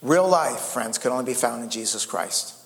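A man's voice: mid-range voice, lively intonation, moderate pace, vocal fry, big-room sound. A male pastor preaching a sermon, often repeating words and calling out to the congregation. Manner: repeats words and restarts, calls out "amen" and "friends".

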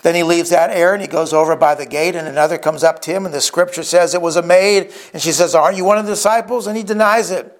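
A man's voice: a little high, fast, hardly any pauses. A man preaching a sermon in an earnest tone, acting out the quoted speakers as he retells scripture stories. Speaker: pastor.

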